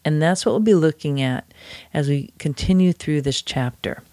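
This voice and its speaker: A man's voice: a little high, normal speed, a little mellow, no echo. A man talking casually from his office, teaching a lesson about breathing and sometimes mocking himself as he demonstrates. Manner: chatty and self-mocking, demonstrates chants aloud. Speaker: author and instructor.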